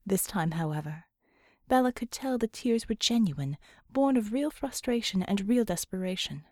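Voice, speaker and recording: A woman reading an audiobook, with expressive, measured storytelling narration. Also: medium pitch, dry recording, clean studio sound. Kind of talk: scripted narration.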